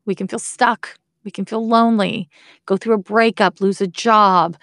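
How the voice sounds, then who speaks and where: A woman's voice: mid-range voice, fairly even intonation, normal speed, a bit bright, dry recording, clean studio sound. A woman explaining astrology in a casual, candid way, swearing now and then and making wry asides. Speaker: astrology teacher.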